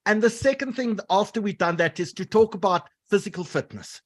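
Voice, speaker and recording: A man hosts a talk-show interview. His voice sits high, and he frames his questions in a measured way, repeating words as he goes. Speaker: host.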